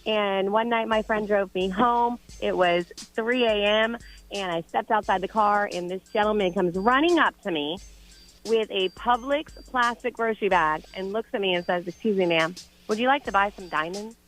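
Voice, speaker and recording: A woman calling into a radio show, telling a story in a dry, animated way. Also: medium pitch, moderate pace, faint music behind, low-quality recording. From Central Florida. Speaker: caller.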